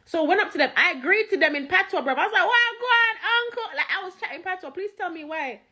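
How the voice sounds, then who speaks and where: A woman telling an animated, slangy, laughing story in a casual reaction video. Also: very high-pitched, rapid-fire.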